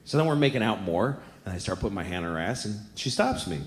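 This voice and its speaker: A fast-talking comedian tells crude stories about himself on a club stage, with lively ups and downs in pitch. He's using a handheld mic before a live crowd, and the recording carries echo and clear room noise.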